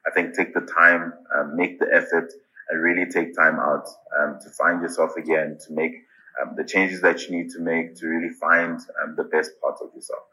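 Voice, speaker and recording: A man speaking as a podcast guest, earnest and deliberate, often pausing with ums and repeating "I really think". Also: sits low, bright, forceful tone, poor audio. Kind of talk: casual interview answers.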